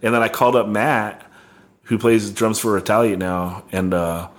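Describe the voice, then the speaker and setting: Man, low voice, young, rambling casual storytelling, lots of "like" and swearing. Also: fairly even intonation, normal speed. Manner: rambling, heavy on "like", swearing, laughing. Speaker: band member telling a tour story.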